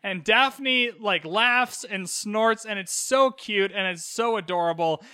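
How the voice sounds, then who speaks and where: A man's voice: high-pitched, bright, forceful tone, smooth, dry recording, clean studio sound. A young man from Canada recapping a show on his solo podcast, chatty and cheeky. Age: young adult. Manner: chatty and cheeky, quick quoted asides. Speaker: podcast host.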